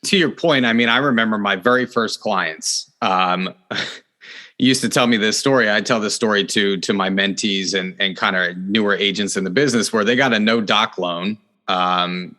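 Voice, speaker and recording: Man, podcast host, lowish bright voice, earnest, animated stress, casual chat. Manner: earnest, animated, jumps up in pitch on emphasis. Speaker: podcast host, real estate agent.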